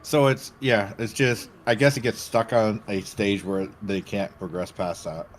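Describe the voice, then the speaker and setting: A man's voice: lowish voice, steady tone, unhurried, slight background noise. Sex: man. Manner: polite, curious questioner. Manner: polite, inquisitive. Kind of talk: casual voice chat.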